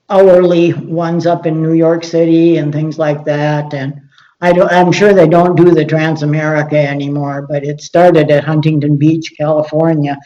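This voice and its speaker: A woman's voice: low voice, dark tone, dull audio. An older woman, a guest telling stories in a casual interview and laughing often. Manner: chatty storyteller, laughs often. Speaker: guest, race organizer.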